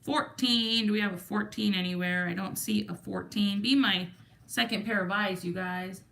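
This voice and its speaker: A woman's voice: medium pitch, steady tone, moderate pace, creaky, a bit bright. A woman with a Texan accent hosting a livestream, chatting casually and greeting viewers from the chat. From Texas. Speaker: livestream host.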